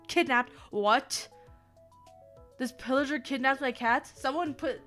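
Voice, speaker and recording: Animated young woman streamer reading aloud. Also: high-pitched. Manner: animated, theatrical reading with frequent laughs and asides. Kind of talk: reading fan fiction aloud on a livestream.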